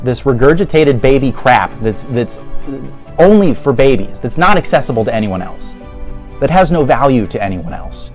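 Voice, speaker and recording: A man's voice: medium pitch, sing-song, moderate pace, a little mellow, soft background music. A man giving a sarcastic, exasperated commentary rant, laughing often as he goes. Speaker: YouTuber. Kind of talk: ranting commentary.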